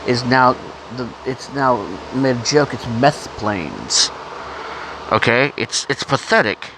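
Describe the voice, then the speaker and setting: A man's voice: medium pitch, slow pace, background noise. A man with a cough talking in a rambling, blunt, profane casual monologue, often stopping to cough. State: has a cough. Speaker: vlogger.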